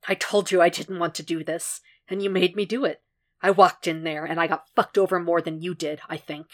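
A woman voicing a weary, calm and stubborn male profiler who speaks in a low, dry, level way. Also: fairly quick, close to an everyday voice.

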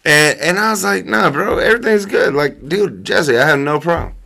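A man telling a story in a casual chat, animated and profane, often laughing. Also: fairly high pitch, moderate pace, gravelly. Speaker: storyteller among friends.

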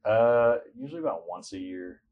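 A young man with a notably deep, low voice talks as a guest on a casual podcast. He rambles easily through his story with plenty of fillers and slips in dry, sarcastic asides. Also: lively intonation, normal speed, phone-quality sound. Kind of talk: casual interview chat.

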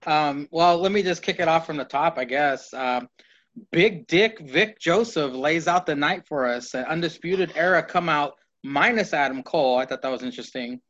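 A man's voice: fairly high pitch, moderate pace, a bit bright. A man co-hosting a podcast, giving a hesitant, offhand wrestling recap with many ums. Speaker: podcast co-host. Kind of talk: casual wrestling recap chat. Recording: dull lo-fi mic.

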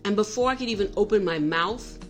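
A woman's voice: mid-range voice, a little fast, faint music behind. A middle-aged woman telling a personal story in a candid, self-reflective way, often restarting her sentences.

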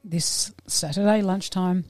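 A woman in her late forties telling personal stories in a casual interview, animated and frank, acting out the voices she quotes. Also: lowish voice, slow pace, no echo, soft background music. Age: 40s. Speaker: podcast guest.

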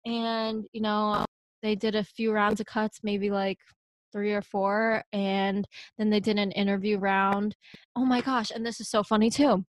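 A woman's voice: mid-range voice, unhurried, no echo. A young woman from Pennsylvania, a podcast guest telling stories in casual chat and acting out what people said. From Pennsylvania, USA. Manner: animated storyteller who acts out what people said.

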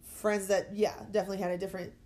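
A young adult woman chatting casually as a podcast guest, talkative and quick to laugh. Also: mid-range voice, flat delivery, dark tone. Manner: chatty, laughs easily, many fillers. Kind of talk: casual chat.

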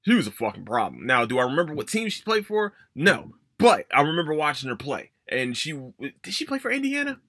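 A man hosts a casual sports podcast, ranting with plenty of swearing. His voice swings widely and leaps up in pitch whenever he stresses a point. The tone is bright, and the recording is dry and close to the mic. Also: very animated, brisk, few pauses, no echo. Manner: emphatic, profane, jumps up in pitch for emphasis. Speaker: podcast host.

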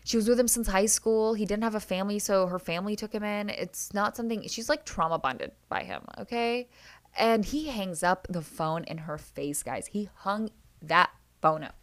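A woman's voice: medium pitch, normal speed. A young woman hosts a solo podcast and recaps reality TV episodes. She is chatty and opinionated and keeps calling her listeners guys. Her voice sits at a middle height. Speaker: podcast host.

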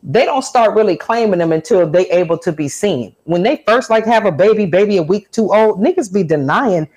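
A woman's voice: mid-range voice, animated, brisk, darkish tone, slightly rough. Middle-aged woman cohost, blunt and cussing, jokey casual talk. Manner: blunt, profane, joking. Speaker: podcast co-host. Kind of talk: casual chat.

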